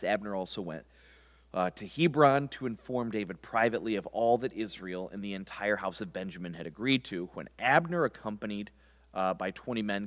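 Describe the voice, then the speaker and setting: A man's voice: low-pitched, fairly bright tone. A man teaching a Bible passage verse by verse in a rambling, conversational way with many restarts.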